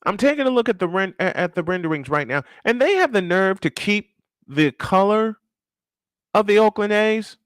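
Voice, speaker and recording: A man's voice: sits high, lively intonation, normal speed, dry recording, studio quality. A man hosting a casual live-stream sports show, ranting and firing off rhetorical questions, repeating his points for emphasis.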